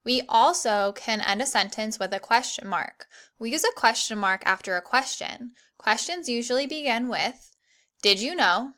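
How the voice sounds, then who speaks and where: A young woman teaching an online grammar lesson to children, clear and encouraging, reading the examples slowly. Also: on the high side, animated, sharp tone.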